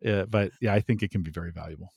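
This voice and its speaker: Lively low-voiced man guest, dry sound. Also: very fast, gravelly, slightly rough, no room sound. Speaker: podcast guest. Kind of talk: conversational interview.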